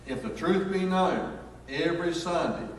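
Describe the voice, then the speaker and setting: Man, pastor, folksy storytelling sermon, higher voice, distant mic, echoey church hall. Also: a little slow, a little hiss or hum. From North Carolina, USA. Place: church sanctuary. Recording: echoey hall, picked up from far off.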